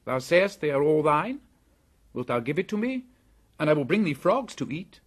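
A man's voice: fairly high pitch, normal speed, voice pushed up. A man doing a bold, fearless jungle boy. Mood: eager. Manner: raised, lively, proud. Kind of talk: audiobook character voice.

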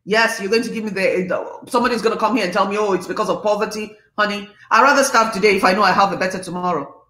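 A woman from Nigeria, hosting an impassioned live-stream monologue, her voice rising to yelling when passionate. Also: mid-range voice, quick pace, roomy sound. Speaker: host.

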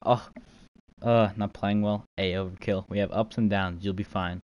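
A man's voice: lowish voice, steady tone, normal speed, darkish tone, dull audio. A man streaming live, casually chatting and joking as he reads chat aloud. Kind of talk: casual livestream chat while trading.

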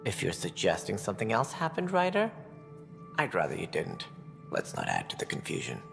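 A haughty alien colony director. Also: male voice, fairly low pitch, huge pitch swings, a little fast, vocal fry, heavily acted. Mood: stiff, formal. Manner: formal, condescending about commoners. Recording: game audio with long reverb and music.

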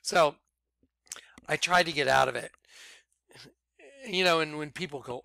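Brief: high, gravelly man telling a rambling testimony, dry close sound. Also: measured pace, no echo. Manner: excitable, rambling, bursts into shouts. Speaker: ministry leader. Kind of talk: excited personal testimony.

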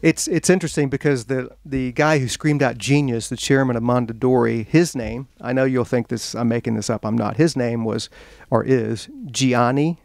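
At a bookstore event, an American author entertains his audience with humorous tales, slipping into the voices of each character and poking fun at himself with lively energy. He speaks at a normal speed in a medium-pitched voice with some vocal fry and few pauses. The recording is dry.

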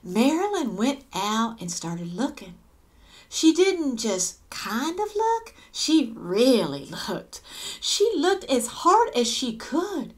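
A woman's voice: sits high, big pitch swings, slow pace. A woman reading a children's picture book aloud, adding gasps and little asides to her listeners. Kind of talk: read-aloud storytelling.

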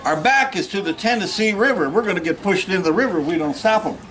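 A man's voice: sits high, animated, quick pace, a bit bright, rough recording. A man reenacting a plainspoken Civil War Union general, telling war stories in the first person with folksy humor and drawing the audience in. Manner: folksy storytelling, jokes with the audience. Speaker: historical reenactor. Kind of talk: first-person living history talk. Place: outdoor history event in a park.

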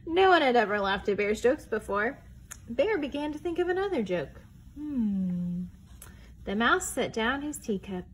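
A woman reading a picture book aloud for small children, pausing now and then to ask them questions. She takes it slowly, her fairly high voice rising and falling in a lively, expressive way. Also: husky. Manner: expressive, asks the young listeners questions. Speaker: children's storytime reader.

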